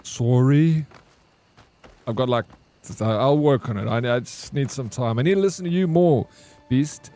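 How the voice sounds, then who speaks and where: A man's voice: mid-range voice, lively intonation, moderate pace, warm tone. A young man, chatting casually with his stream while playing a game, slangy and laid-back. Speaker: gaming streamer.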